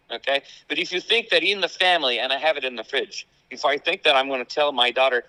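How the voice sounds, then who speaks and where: A man with an Italian accent, a guest in a casual chat, talking in an animated way. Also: mid-range voice, a little fast, dry recording, rough recording. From Italy. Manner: animated, acts out family quotes.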